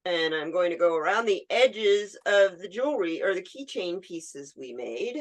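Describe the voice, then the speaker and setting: A woman's voice: on the low side, expressive, normal speed. A woman hosting a resin art tutorial, chatting casually and talking to herself as she works. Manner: chatty, talks to herself while working, laughs easily. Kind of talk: casual hands-on demonstration.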